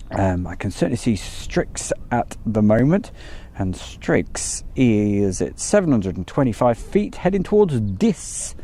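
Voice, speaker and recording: A man hosting a live stream, chatting casually and greeting viewers by name, with lots of ums and pauses. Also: lowish voice, dark tone.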